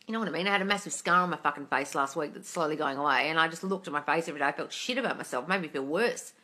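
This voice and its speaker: A young woman chats through a live Q&A in a bright, forceful voice that sits on the low side. She is blunt and sweary and calls viewers darling as she answers their comments. The delivery is casual and unscripted. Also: racing. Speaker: manifesting coach and livestream host.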